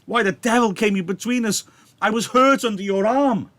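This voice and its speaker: A man voicing a wounded young male swordsman, bitter and mocking, loud and cursing as he reads the scene aloud. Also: high-pitched, normal speed, no echo, pitched above the performer's own voice. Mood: bitter, raging.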